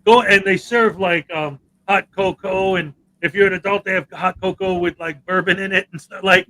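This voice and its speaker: A livestream host with a high, bright voice. He chats casually and eagerly with his co-hosts. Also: fairly even intonation, normal speed, low-quality recording. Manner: chatty, enthusiastic.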